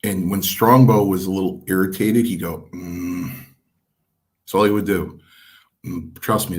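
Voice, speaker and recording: A middle-aged man, a former wrestler, telling stories from his career and acting out what others said. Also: sits low. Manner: acts out quotes of others, lively. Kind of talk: anecdotal storytelling.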